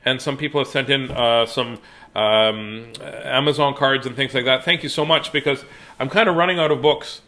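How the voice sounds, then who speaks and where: A man's voice: medium pitch, normal speed, sharp tone. A man hosting a live book-reading show for children, chatting casually and playfully with viewers and breaking into silly sing-song chants and mock announcer calls. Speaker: host reading children's books on a livestream.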